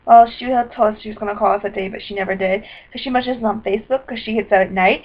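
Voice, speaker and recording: A woman talking into her computer's webcam in a rambling video diary, scattered and apologetic, with bursts of excitement. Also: mid-range voice, fast talker, few pauses, noisy background. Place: indoors at a computer. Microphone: built-in computer webcam mic. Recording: dull lo-fi webcam audio.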